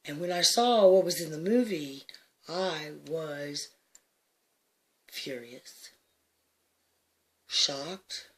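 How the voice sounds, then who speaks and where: A woman who seems to be in her sixties tells a personal story in a lowish voice, laughing often. She swings emphatically between hushed and loud.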